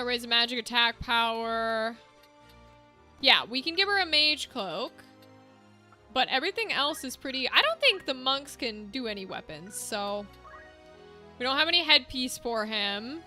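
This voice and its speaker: A woman streaming a game, chatting casually and thinking out loud as she sorts out gear. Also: high-pitched. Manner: chatty, thinks aloud, easily amused. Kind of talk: casual gameplay chat. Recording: game music underneath.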